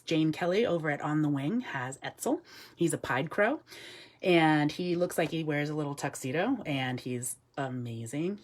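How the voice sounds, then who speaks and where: A woman wildlife educator giving a live-streamed talk indoors at a desk. She answers viewer comments in a chatty way, with lots of ums and soft asides to the bird. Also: low-pitched. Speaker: wildlife educator with an animal ambassador.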